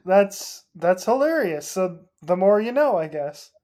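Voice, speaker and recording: A co-host of a casual sports podcast, easygoing and amused, laughing along. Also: male voice, high-pitched, sing-song, measured pace, a little mellow. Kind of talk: casual chat.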